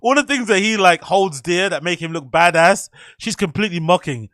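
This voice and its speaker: A man hosting a show, excitedly reacting to a video with slangy, swearing commentary. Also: sits high, a little fast, few pauses, no echo, clean studio sound. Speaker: host.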